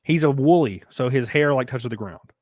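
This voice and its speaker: A young man hosting a podcast, chatting casually, animated and quick, swearing and laughing as he tells stories. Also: mid-range voice, dry recording, studio quality. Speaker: podcast host. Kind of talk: casual chat.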